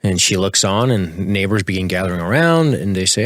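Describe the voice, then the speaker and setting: A man co-hosting a podcast, recapping scenes in a relaxed, chatty way. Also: sits low, normal speed, hardly any pauses, no room sound. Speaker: podcast co-host. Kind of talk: casual podcast chat.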